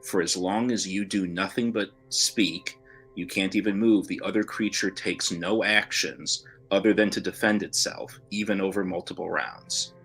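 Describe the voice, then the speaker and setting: Deep, husky male player. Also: fairly even intonation, normal speed, a bit bright, faint music behind. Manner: thoughtful, explains game rules at length. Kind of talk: playing a tabletop game.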